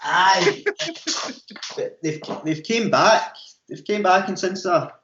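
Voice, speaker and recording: A man's voice: high voice, expressive, slow, background noise. A Scottish man co-hosting a podcast, chatting in a rambling way with many restarts. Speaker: podcast co-host. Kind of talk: casual chat. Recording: dull lo-fi sound.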